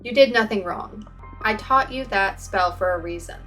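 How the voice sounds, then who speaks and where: A woman reading the part of a kind, proud female witch mentor, gentle and reassuring in tone. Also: mid-range voice, moderate pace, soft background music, close to an everyday voice, poor audio. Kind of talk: reading game dialogue aloud.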